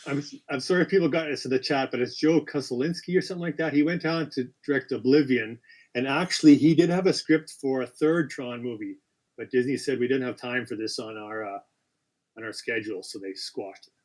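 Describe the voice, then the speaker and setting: A man hosts a casual live-stream quiz in an average-pitched voice. He reads questions out with chatty asides, quick apologies and frequent self-corrections. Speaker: quiz host.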